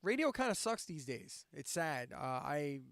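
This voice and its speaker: Man, high-pitched, dry close sound, casual ranting chat, profane and sarcastic. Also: very animated, unhurried, no echo. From central Pennsylvania. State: insomniac, drinking coffee late at night. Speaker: live-stream host and radio DJ.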